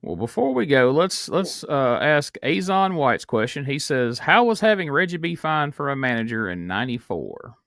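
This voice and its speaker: A man hosting a live stream interview, his voice smooth and clean with a dry, close sound. He keeps his replies short, then reads out audience questions to wrap up the show. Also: medium pitch, very animated, moderate pace, few pauses, fairly bright tone, no echo. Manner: brief affirmations, wraps up the show. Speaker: podcast host, interviewer. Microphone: remote live stream call.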